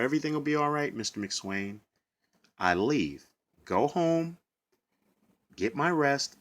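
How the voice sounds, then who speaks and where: A man, a bus driver, recounting a personal ordeal in an emotional, halting monologue with repeated words. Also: medium pitch, a bit bright.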